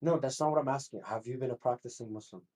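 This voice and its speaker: A man's voice: mid-range voice, fast talker, a little mellow, poor audio. A man in an online voice-chat debate, casually firing questions back and calling others "bro".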